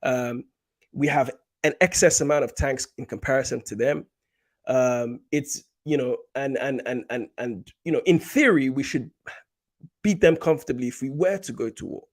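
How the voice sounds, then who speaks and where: Animated man hosting a political livestream. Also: mid-range voice, moderate pace. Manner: animated, repeats points for emphasis, many fillers. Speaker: host of a political commentary livestream. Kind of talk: casual political commentary with live comments.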